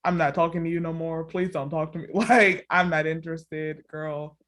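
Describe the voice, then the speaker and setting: Woman podcast co-host, casual storyteller, laughs a lot, acts out the quotes. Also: normal speed. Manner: animated storytelling, acts out quotes with big pitch jumps; laughs often, fills with "like" and "all the things". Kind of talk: casual chat recapping a reality show.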